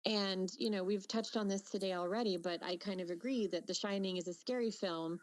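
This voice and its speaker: A woman's voice: mid-range voice, fairly quick, no room sound, low-quality recording. A woman co-hosting a casual podcast, chatty and full of fillers and restarts. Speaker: podcast co-host.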